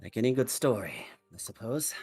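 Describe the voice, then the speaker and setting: A man voicing a stern male wizard who slowly recounts his past in measured phrases with long pauses. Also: on the low side, very animated, vocal fry, dark tone, breathy edge, faint music behind, heavily acted. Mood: solemn. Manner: slow, measured storytelling with pauses.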